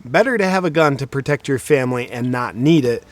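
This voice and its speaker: A young man talks straight to camera in a sarcastic comedic monologue. His mid-pitched voice keeps a deadpan, mock-serious tone throughout. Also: a little fast, dry recording. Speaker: video host.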